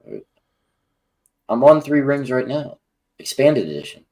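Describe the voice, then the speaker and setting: A man co-hosting a casual sports and music podcast, excitable and given to loud exclamations. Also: medium pitch, moderate pace, gravelly. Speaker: podcast co-host.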